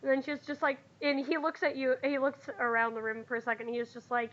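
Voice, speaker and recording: High, bright woman running the game. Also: fairly even intonation, quick pace, few pauses, dull audio. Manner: rambling, repeating filler phrases. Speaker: dungeon master. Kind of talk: narrating a tabletop game.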